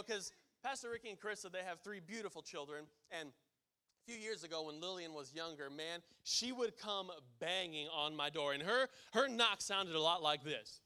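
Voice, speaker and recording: A man's voice: high-pitched, pushed and bright. A male preacher giving a sermon, telling a casual story that builds to emphatic preaching.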